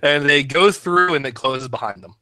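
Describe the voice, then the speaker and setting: A man running a tabletop game as game master, pausing often with fillers. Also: on the high side, sharp tone, dry recording. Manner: halting, many fillers. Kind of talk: narrating a tabletop game over voice chat.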